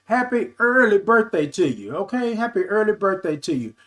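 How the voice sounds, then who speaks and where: A man in his fifties hosts a casual livestream talk show, reading viewer comments aloud and answering them animatedly and affectionately. He calls viewers "baby" and "y'all," and his voice sits high at a normal speed.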